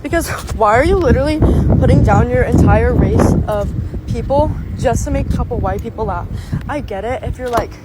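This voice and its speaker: Rambling woman over loud traffic noise. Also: on the high side, a little fast. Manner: rambling, many "like" fillers. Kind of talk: casual vlog rant.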